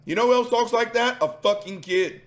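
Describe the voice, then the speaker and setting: High-voiced, profane ranting man. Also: fairly quick. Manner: profane, combative, sarcastic. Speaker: commentary host. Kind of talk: ranting reaction commentary.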